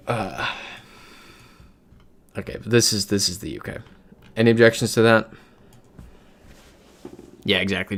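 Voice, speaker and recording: A young American man chatting casually on a live stream, reading out chat messages as he plays. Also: fairly low pitch. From United States.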